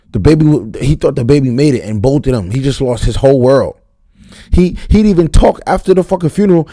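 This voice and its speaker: A man giving an unscripted, profane, slang-heavy recap of a TV episode, talking fast and getting worked up. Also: on the high side, warm tone, dry recording. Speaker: TV show reviewer.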